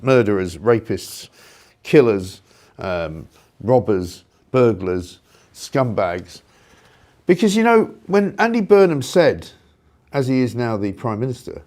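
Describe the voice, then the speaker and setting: A middle-aged man, hosting a talk show and ranting with indignant sarcasm and loud rhetorical questions. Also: on the high side, big pitch swings, normal speed. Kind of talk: opinionated ranting monologue.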